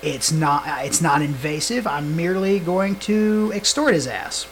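A man's voice: on the high side, unhurried, a little hiss or hum, low-quality recording. A young man co-hosting a casual podcast, teasing his partner and often breaking into laughter. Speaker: podcast co-host. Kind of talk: casual chat.

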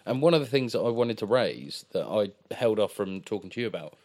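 A man with a low voice talks about films in a relaxed, easygoing way. He leans on fillers and often agrees with his co-host. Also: fairly quick. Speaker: podcast co-host. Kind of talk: casual film discussion.

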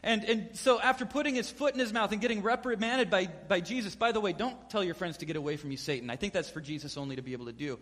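A man preaching a sermon, an animated storyteller who acts out the quotes he tells. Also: sits high, fast, hardly any pauses, long reverb tail. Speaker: pastor.

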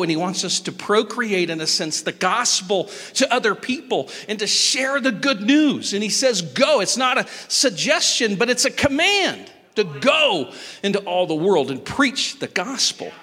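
A high-voiced, bright man in his fifties preaching a sermon with a lively, rising and falling delivery. He tells stories with a joking touch and sudden leaps in pitch. His voice rings out with a long echo from a large hall. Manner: animated, joking storyteller with sudden pitch jumps. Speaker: pastor.

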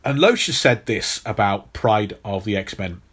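A man's voice: fairly low pitch, lively intonation, measured pace, fairly bright tone. Man telling a story on a podcast. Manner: storytelling, many restarts. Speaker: podcast host. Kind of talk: casual podcast chat.

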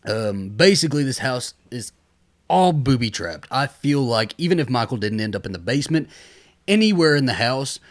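A man's voice: medium pitch, moderate pace. A man co-hosting a casual podcast, recapping a horror movie scene by scene and swearing freely. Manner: animated, swears freely, laughs often. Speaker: podcast co-host.

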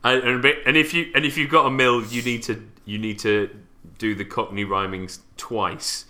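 A man's voice: medium pitch, steady tone, normal speed, bright, forceful tone. A man joking around in a casual podcast chat.

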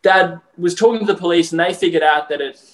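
A man's voice: high-pitched, fast. A young Australian man co-hosting a podcast, telling a story in casual chat with lots of fillers and laughs. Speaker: podcast co-host. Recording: roomy echo.

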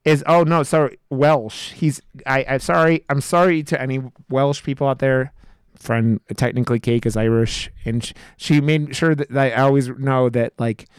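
A man co-hosting a podcast, chatting casually about a film in a rambling, profane, excitable way. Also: mid-range voice, moderate pace, clear, resonant tone, no room sound, clean studio sound. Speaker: podcast co-host. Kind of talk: casual film review chat.

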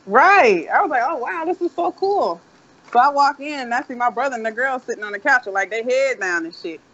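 A man with a high voice tells a long, winding story, swearing in a laid-back way. The sound is dull and lo-fi. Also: animated, fast talker, sharp tone. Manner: rambling, profane, laid-back. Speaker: co-host. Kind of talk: casual storytelling chat. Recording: dull lo-fi audio.

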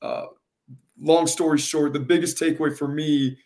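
A man, a high school soccer coach in a casual interview, with a gravelly, carrying voice and an earnest, halting way of repeating words. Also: fairly even intonation, darkish tone.

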